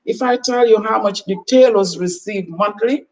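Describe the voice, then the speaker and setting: Picked up by a distant mic with faint background noise, a woman from Gambia speaks as a talk-show guest. Her mid-range, darkish voice moves at a normal speed as she preaches earnest advice and acts out quoted exchanges in motivational chat.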